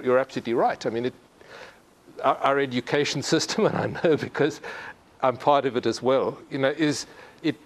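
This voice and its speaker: A middle-aged man from Africa, giving a conversational lecture full of halting restarts. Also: fairly high pitch. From South Africa. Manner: halting, frequent restarts and repeated words. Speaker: university presenter.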